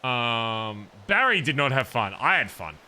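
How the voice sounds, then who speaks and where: A man's voice: mid-range voice, big pitch swings, normal speed, pushed and bright. A man streaming a roleplay game, talking casually to his viewers and often checking in with them. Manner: chatty, addresses viewers directly, frequent "okay?". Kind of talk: casual end-of-stream chat.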